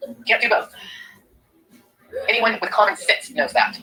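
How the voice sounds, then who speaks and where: A woman's voice: medium pitch, very animated, moderate pace, sharp tone, rough recording. A woman giving indignant reaction commentary on a stream clip, lecturing the viewers.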